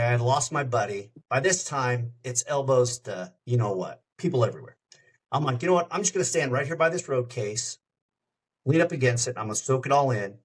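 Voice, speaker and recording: A man's voice: medium pitch, rough recording. A middle-aged man, a radio host, telling stories casually on a podcast and acting out the voices he quotes. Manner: animated anecdote-teller, acts out quoted voices. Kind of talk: casual storytelling.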